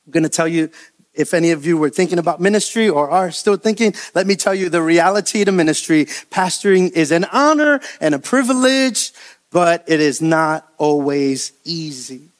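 A man preaching as pastor, animated, acting out the voices of the people he quotes. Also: a little high, moderate pace. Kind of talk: sermon.

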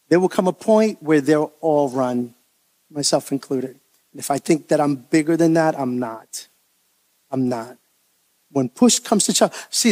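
A man preaching as pastor, animated, acting out the voices of the people he quotes. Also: a little high. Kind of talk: sermon.

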